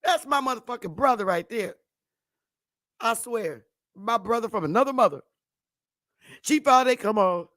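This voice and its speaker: A woman's voice: on the high side, expressive, normal speed, long pauses, fairly bright tone, no room sound, clean studio sound. A woman vlogger delivering a profane, taunting ranting monologue and laughing often.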